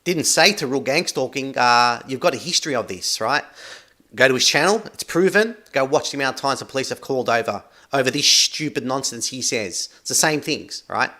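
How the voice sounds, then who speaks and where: A man's voice: mid-range voice, expressive, a little fast, sharp tone. A man giving accusatory commentary over a video, repeating "right?" after nearly every phrase. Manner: accusatory, emphatic. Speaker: commentary channel host.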